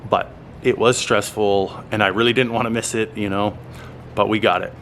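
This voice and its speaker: A man from Alberta, Canada, recounting his travel mishaps to camera in a rambling, animated vlog, with lots of fillers and an exasperated curse now and then. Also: fairly low pitch, moderate pace, slight background noise. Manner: swears in exasperation. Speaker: travel vlogger. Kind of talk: casual storytelling to camera.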